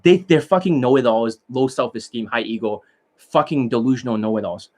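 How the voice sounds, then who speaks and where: A man's voice: mid-range voice, fairly quick, darkish tone. A man, a dating coach from Canada, talking to his students in a blunt, rambling, profane monologue and scolding them.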